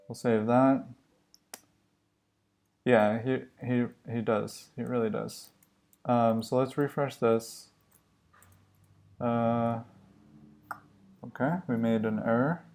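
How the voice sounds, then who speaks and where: A man live coding on a stream, thinking aloud in a musing, halting way and questioning himself as he works. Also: medium pitch, creaky, a little mellow. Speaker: livestream coder.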